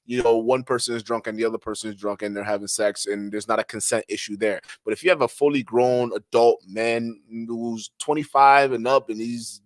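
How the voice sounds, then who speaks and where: Brief: casual man streamer, slangy and laughing, mid pitch, dry close mic. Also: no room sound. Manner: slangy, laughing, repeats himself. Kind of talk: casual chat reading viewer comments.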